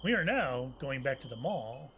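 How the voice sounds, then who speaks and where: A man's voice: mid-range voice, sing-song, moderate pace, pushed and bright, a little hiss or hum. A man playing a point-and-click game, reading its dialogue aloud and chatting about what happens. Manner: reads all the characters' lines aloud with little change of voice. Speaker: let's play gamer.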